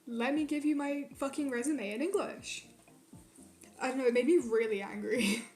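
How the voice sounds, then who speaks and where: A woman's voice: high-pitched, normal speed, darkish tone, soft background music. A young woman streaming to her chat, rambling and swearing a lot as she rants. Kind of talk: casual chat with live chat. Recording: roomy echo.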